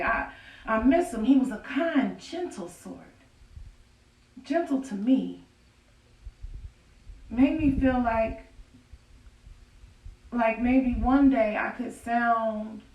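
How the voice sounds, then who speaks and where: A woman playing a grieving enslaved widow, slow and wry. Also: on the high side, darkish tone. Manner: folksy, confiding, breaks into rueful laughter. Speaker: stage actor in a historical monologue. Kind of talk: theatrical monologue, prayer to God. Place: outdoor performance on a farm. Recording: distant, echoey outdoor stage recording.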